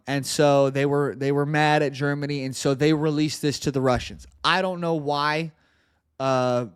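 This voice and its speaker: A man's voice: fairly high pitch, smooth, no echo, clean studio sound. A male podcast host giving earnest political commentary, often repeating words as he presses a point.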